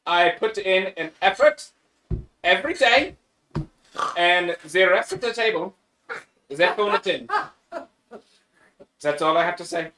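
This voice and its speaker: A cranky, self-important grump snaps about lazy tablemates, as a man puts him on in a high, bright tone. Swearing and indignant, he sounds a touch distant, with hiss behind him. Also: expressive, a little slow, pauses often, echoey room, full character voice. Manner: grumbling, profane rant. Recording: distant mic with loud noise.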